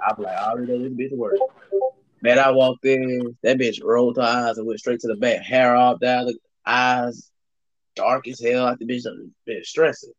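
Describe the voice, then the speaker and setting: A man's voice: medium pitch, little pitch movement, normal speed, dull audio. A young man telling a rambling, profane story in casual chat on a call, heavy with fillers.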